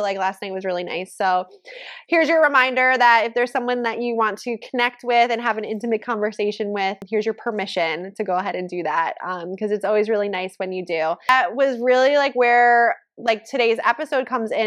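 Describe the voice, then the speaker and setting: A woman's voice: on the high side, brisk, fairly bright tone. Chatty woman podcast host. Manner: chatty, heavy use of "like". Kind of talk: casual chat.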